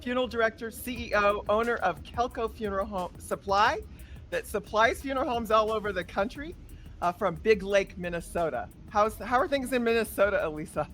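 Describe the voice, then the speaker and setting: A woman's voice: medium pitch, a little fast, fairly bright tone, soft background music. Upbeat woman hosting a podcast. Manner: upbeat, enthusiastic. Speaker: podcast host. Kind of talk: casual podcast chat.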